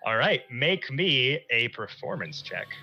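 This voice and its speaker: A man narrating as game master of a tabletop game, loose and excited in his scene descriptions. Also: medium pitch, a little slow, lo-fi sound.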